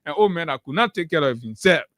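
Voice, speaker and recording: A man's voice: fairly high pitch, animated, quick pace, a bit bright, no room sound, clean studio sound. A man with a Liberian accent giving heated, emphatic political commentary on a morning talk show, repeating phrases for force.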